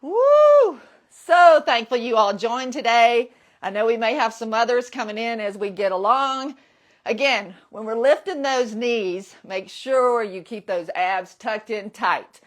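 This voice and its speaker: A woman's voice: fairly high pitch, unhurried. A woman in her sixties leading a live workout class, upbeat and encouraging, and whooping to cheer people on. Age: 60s. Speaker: fitness instructor.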